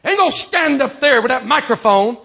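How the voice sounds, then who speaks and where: A man acting out an arrogant, cocky preacher who refuses correction, boasting defiantly in a husky voice. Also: extremely high pitch, expressive, a little fast, pushed and bright, voice pushed up, full character voice. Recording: dull lo-fi recording.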